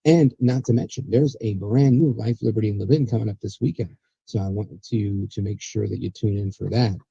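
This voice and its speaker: A man's voice: fairly low pitch, steady tone, brisk, creaky, warm tone, husky, no echo, muffled recording. A man hosting a political talk show, chatty and sarcastic, rambling with restarts. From USA. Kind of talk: casual political commentary.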